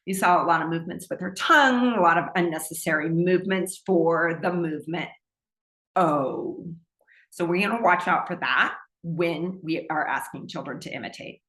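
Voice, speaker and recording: A woman's voice: on the low side, normal speed, a bit bright. A woman, a speech pathologist, giving a recorded presentation in an explanatory teaching manner with light laughs. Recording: echoey room.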